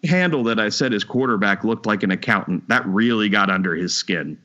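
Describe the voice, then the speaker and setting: Animated, foul-mouthed man telling a story. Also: fairly low pitch, a little fast, lo-fi sound. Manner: profane, animated storytelling with loud acted quotes. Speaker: podcast co-host. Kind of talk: casual storytelling chat.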